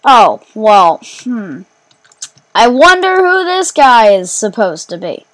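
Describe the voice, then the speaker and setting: A woman giving let's play commentary while gaming, excitable, rambling and quick to mock herself. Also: a little high. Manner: excitable, self-mocking, rambling. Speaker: gamer.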